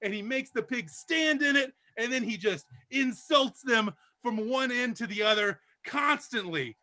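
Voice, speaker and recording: A man telling joke stories at an open mic comedy show, loud and animated, acting out the characters. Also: very high voice, unhurried.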